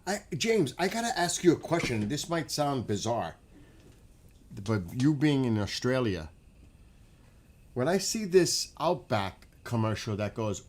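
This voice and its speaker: A man hosting a casual livestream, chatting with viewers by name and getting excited as he asks them questions. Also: medium pitch, measured pace. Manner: chatty, talks to chat by name, gets excited and laughs. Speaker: livestream host.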